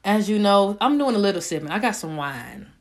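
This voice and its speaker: A woman's voice: mid-range voice, very animated, fairly quick. A young adult woman hosting her own podcast, talking casually in a loose, profane, slang-heavy way, as if at home. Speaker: podcast host. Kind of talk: casual solo podcast chat.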